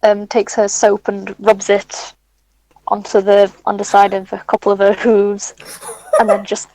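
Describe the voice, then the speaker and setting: A woman describing her character's moves in a tabletop game, hesitant and full of small pauses. The recording is dry and close, with no room sound. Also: mid-range voice, completely flat delivery, a little mellow, no room sound, poor audio. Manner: hesitant, halting. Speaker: player.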